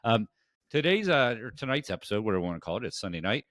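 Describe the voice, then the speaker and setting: A man's voice: on the low side, very animated, very fast, fairly bright tone, no echo, clean studio sound. A man hosting a podcast, chatting casually and rambling through plugs and introductions. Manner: rambling with frequent fillers and restarts. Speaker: podcast host.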